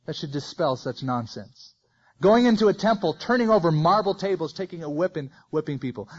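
A man's voice: fairly high pitch, animated, brisk, husky, dull audio. A man preaching a verse-by-verse sermon, reading scripture aloud with folksy asides.

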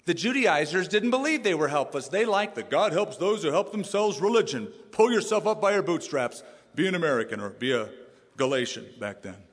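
A man preaching a sermon as pastor, animated, with rising emphasis and sudden drops to a quiet voice. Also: a little high, a little fast, big-room sound.

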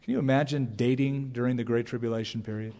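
Emphatic preacher in a reverberant hall. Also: male voice, fairly even intonation, quick pace, mellow, slight background noise. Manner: emphatic preaching, rising to high cries on key phrases. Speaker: pastor. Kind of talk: sermon. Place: church sanctuary. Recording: long reverb of a large hall.

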